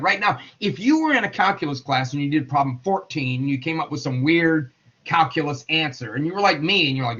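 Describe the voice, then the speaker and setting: A man's voice: a little high, expressive, fairly quick, sharp tone, slightly rough. A man teaching a casual classroom lecture, chatty and digressive, acting out quotes in funny voices, on a dull lo-fi recording.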